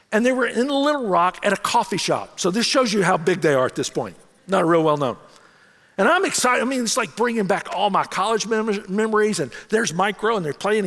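A middle-aged male pastor preaches with a high, wide-ranging voice and a gravelly edge. He tells stories in an animated, self-mocking way, and his words ring out with a long reverb through a church hall. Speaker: senior pastor. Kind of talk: sermon.

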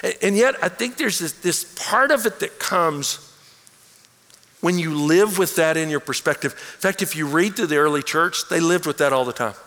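Man, pastor, sermon, gravelly, long hall reverb. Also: a little high, moderate pace. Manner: animated, acts out quoted voices.

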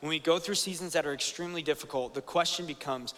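Young man, youth pastor, sermon, earnest and chatty, slightly high voice, long hall reverb. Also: quick pace, few pauses, fairly bright tone. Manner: earnest, conversational preaching with frequent "right?".

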